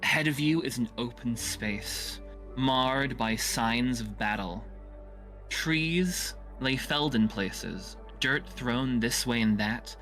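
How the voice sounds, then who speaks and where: A man's voice: medium pitch, takes it slowly, fairly bright tone, faint music behind. Casual male game master narrating. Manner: casual, filler-heavy storytelling.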